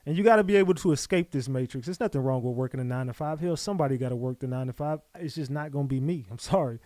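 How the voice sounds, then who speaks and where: A man hosting a casual livestream, loose and chatty, giving repeated shout-outs to his viewers. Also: mid-range voice, racing, no echo. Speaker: livestream host.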